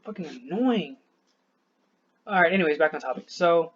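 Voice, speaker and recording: A man with a fairly high voice rants into a dull, lo-fi recording. He sounds short of breath and worn down, rambling, breaking off mid-thought and cursing often. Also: lively intonation, normal speed, background noise. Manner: frustrated, rambling, swears a lot, trails off. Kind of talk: venting to camera.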